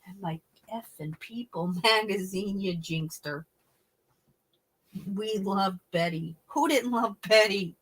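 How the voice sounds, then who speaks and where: A woman's voice: mid-range voice, slow pace, slightly rough, rough recording. Chatty middle-aged woman livestreaming. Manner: chatty, reads and answers viewer comments; animated storyteller with blunt swearing. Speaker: livestream host. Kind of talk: casual livestream chat.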